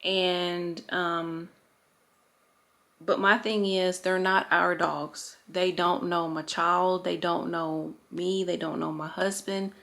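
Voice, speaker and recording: Slow-talking chatty woman vlogger. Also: fairly low pitch, level tone, creaky, a bit bright. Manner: rambling, chatty, self-correcting. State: slightly out of breath. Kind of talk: casual chat.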